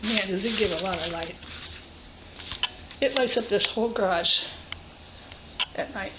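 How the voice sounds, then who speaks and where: A woman's voice: medium pitch, measured pace. An older woman vlogging casually, chatty and enthusiastic as she shows her gear, first in a garage and then outside by a car. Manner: chatty and enthusiastic, thinking aloud. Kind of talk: casual show-and-tell video. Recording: dull recording with noise behind.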